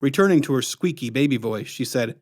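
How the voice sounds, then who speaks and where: A man reading his own storybook aloud with expressive, dramatic narration. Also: medium pitch, a little fast, no room sound, studio quality.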